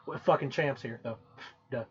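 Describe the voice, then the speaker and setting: A man's voice: medium pitch, normal speed. A man co-hosting a podcast, chatting in a rambling, laid-back, profane way. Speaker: podcast co-host. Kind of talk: casual chat. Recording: dull, muffled audio.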